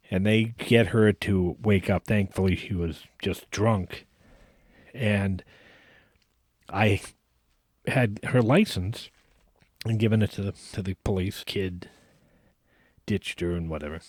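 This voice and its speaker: A man's voice: on the low side, dry recording. Man telling a story on a dry mic. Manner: animated anecdote-telling with frequent restarts. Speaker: podcast host. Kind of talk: casual storytelling.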